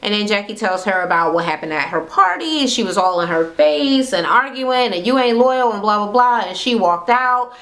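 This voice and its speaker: A woman vlogger talks through a reality TV episode in a loose, gossipy rant, swearing freely and throwing in sarcastic asides. Her voice sits at a middle pitch. The room around her rings with noticeable echo. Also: animated, normal speed, hardly any pauses, a bit bright. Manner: blunt, profane, gossipy and sarcastic. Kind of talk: casual rant recapping a reality show. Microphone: camera mic. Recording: echoey room.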